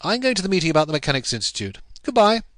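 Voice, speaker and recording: Man putting on a breezy young gentleman. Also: high voice, very animated, very fast, dry recording, studio quality, pitched above the performer's own voice. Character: young gentleman artist, quick and easygoing.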